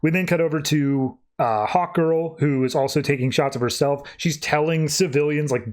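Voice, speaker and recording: Male podcast host recapping comics casually, slightly higher voice, loose offhand delivery. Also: steady tone. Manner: recaps scenes loosely, tossing in quick offhand voices for characters.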